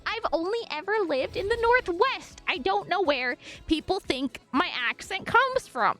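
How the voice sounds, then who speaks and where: A high, bright-voiced young woman from the US Northwest chats to her stream viewers in a loose, rambling way. She swears casually, piles on fillers and gets excited easily, with faint music playing underneath. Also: unhurried. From US Northwest, raised in Washington and Montana. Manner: chatty and animated, lots of fillers, swears casually, squeals and laughs when excited. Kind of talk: casual chat with viewers while gaming.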